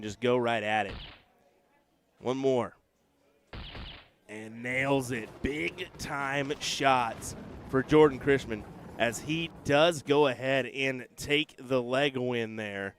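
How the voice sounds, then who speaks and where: A man giving relaxed, chatty live commentary on a darts match, with joking asides about himself. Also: mid-range voice, takes it slowly, slight background noise. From United States.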